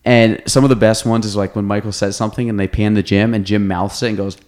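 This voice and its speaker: A man's voice: fairly low pitch, steady tone, fast, a little mellow. Rambling casual podcast host, man. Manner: rambling, self-interrupting storyteller. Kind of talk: casual chat.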